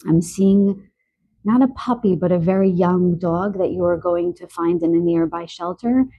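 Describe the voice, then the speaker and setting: A woman giving a spoken tarot card reading, a little stuffy from allergies and clearing her throat, talking softly and earnestly with emotion. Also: lowish voice, fairly even intonation, normal speed, highs cut off. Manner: soft, earnest, emotional about animals.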